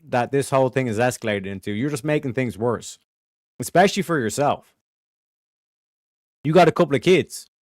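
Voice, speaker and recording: A man hosting a show, giving a blunt, profane and animated commentary rant. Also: medium pitch, no room sound, clean studio sound. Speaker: show host.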